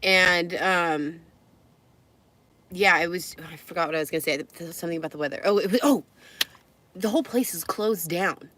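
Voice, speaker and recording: A woman's voice: lowish voice, normal speed, pauses often, sharp tone. A young woman from California, chatting and rambling in a casual travel vlog from the car she lives in, often laughing. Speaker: vlogger.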